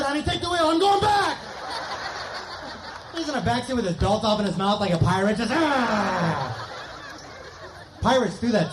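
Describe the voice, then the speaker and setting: High-voiced man doing stand-up outdoors. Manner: rapid jokey patter, acting out voices, laughing at his own jokes. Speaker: stand-up comic. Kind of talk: stand-up comedy set. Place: outdoor park concert stage. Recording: echoey outdoor concert with crowd noise.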